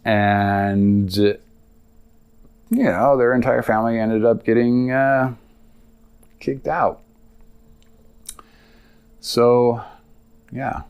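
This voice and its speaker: Young male podcast host, lowish voice, loose rambling storyteller. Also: darkish tone, clear, resonant tone. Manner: rambling, casual, lots of filler and asides. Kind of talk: personal storytelling monologue.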